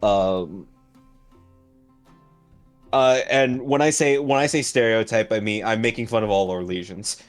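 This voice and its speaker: A man running a tabletop game as game master, describing scenes with frequent pauses and fillers. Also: on the low side, soft background music. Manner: halting, filler-heavy description.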